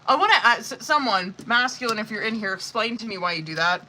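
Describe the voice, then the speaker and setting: A woman's voice: fairly high pitch, animated, fast, pushed and bright, a little hiss or hum, rough recording. A woman running a live-streamed tarot reading in a casual, rambling way, with heavy swearing, many fillers and exasperated asides. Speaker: tarot reader.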